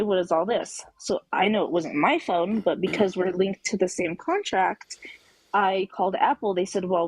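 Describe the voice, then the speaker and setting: A woman's voice: medium pitch, a little mellow, husky, no echo, rough recording. A woman caller on a live talk show telling a personal story emphatically, acting out the quoted dialogue. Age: adult with children.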